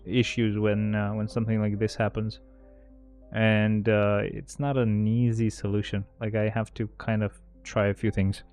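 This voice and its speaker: A man's voice: lowish voice, a little mellow, clean tone. A man streaming a game, chatting casually and apologetically with many hesitant fillers. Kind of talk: casual live-stream chat.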